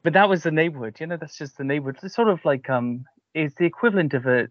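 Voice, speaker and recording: A man's voice: on the high side, expressive, quick pace, no echo. A man with a Cardiff Welsh accent hosting a casual interview, telling rambling anecdotes. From Cardiff, Wales. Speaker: podcast host. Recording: dull, lo-fi, dry sound.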